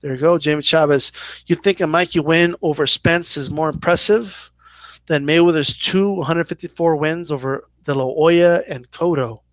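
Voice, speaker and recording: A man's voice: fairly high pitch, moderate pace, no room sound. A man hosting a casual live Q&A about boxing, chatty and loose, full of "like" and "right?" as he answers viewer questions. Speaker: boxing channel host.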